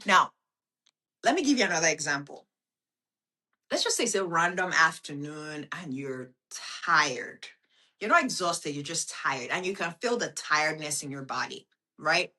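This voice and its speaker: A woman hosting a podcast, giving a slow, intimate self-help monologue that speaks to the listener as a friend and swears casually. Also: low-pitched, animated, bright, forceful tone. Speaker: podcast host.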